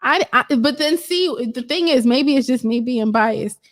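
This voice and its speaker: A woman co-hosting a casual chat show, animated and quick to laugh, often talking over the others. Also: high voice, dry recording, studio quality. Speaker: podcast co-host.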